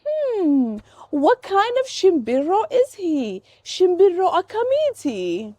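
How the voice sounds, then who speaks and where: A woman with an Oromo accent teaching toddlers in a slow, exaggerated, playful sing-song way, imitating bird calls. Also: very high voice, huge pitch swings, mellow, no echo, clean studio sound. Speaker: children's language teacher.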